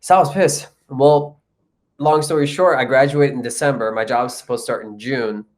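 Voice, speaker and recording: A young man from India tells a story as a guest in a relaxed interview. His voice sits at an everyday middle pitch, and he talks in an animated way, jumping into the voices of the people in his story. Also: moderate pace. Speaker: guest, comedian and actor.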